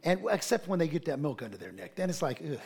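Male preacher, middle-aged, high gravelly voice, comic storytelling sermon, full of laughs. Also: fast. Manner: animated, laughing, acts out quotes.

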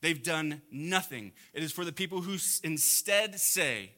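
A man preaching a sermon to a congregation, swinging between loud emphatic peaks and quiet low asides. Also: expressive, measured pace, hardly any pauses. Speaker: pastor.

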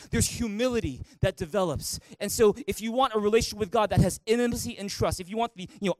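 A man's voice: sits high, no room sound. A man preaching a sermon as pastor, calling the congregation to read aloud and respond. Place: church in Canada.

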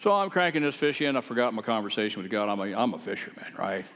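A man preaching, telling his own testimony in a folksy, animated, conversational way with self-deprecating humor. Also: on the low side, fast. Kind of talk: folksy storytelling sermon. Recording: long hall reverb.

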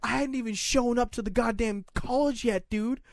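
A young man in casual chat as a podcast co-host, telling crude, animated stories full of swearing. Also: very high voice, moderate pace, no echo, clean studio sound.

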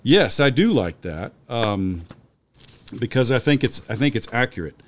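Lively-voiced man explaining scripture. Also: mid-range voice, a little slow. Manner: scholarly, explanatory, with frequent restarts and citations. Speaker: Bible scholar discussing scripture. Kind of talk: conversational podcast discussion.

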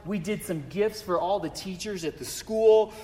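A man preaching a sermon in a chatty, animated way, telling a story and asking rhetorical questions. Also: high-pitched, normal speed, slight background noise. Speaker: pastor. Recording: long reverb of a hall.

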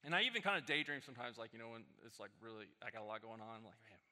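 A man preaching a sermon as pastor, telling stories in a loose conversational way that rises into animated peaks. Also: mid-range voice, very fast. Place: church sanctuary. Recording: reverberant hall.

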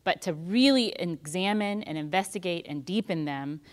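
A woman's voice: lowish voice, moderate pace. A woman in casual conversation who explains Buddhist ideas plainly and affirms her co-host often.

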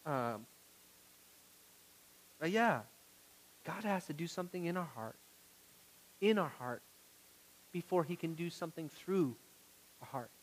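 A male pastor preaching a sermon to his congregation, moving from quiet, intimate words to loud pleading and asking the room questions. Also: fairly high pitch, lively intonation, a little slow, long pauses, poor audio.

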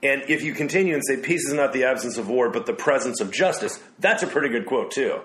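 A man co-hosting a casual discussion show, reflective and quick to laugh as he reads quotes aloud. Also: medium pitch, animated, fairly bright tone. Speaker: podcast co-host. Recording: roomy echo.

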